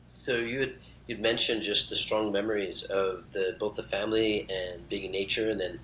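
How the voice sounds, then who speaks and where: An earnest man with a lowish voice talks in an effusive, reflective way during a relaxed podcast chat. A faint rumble hums beneath his voice. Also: moderate pace, low-quality recording. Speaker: podcast guest, uncle of host. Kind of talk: casual conversation.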